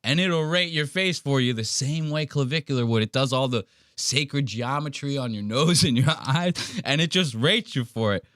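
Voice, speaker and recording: Male podcast host, mid voice, dry close mic, lively and foul-mouthed storyteller. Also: medium pitch, normal speed, few pauses, no room sound. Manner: animated, profane storytelling. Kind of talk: casual chat.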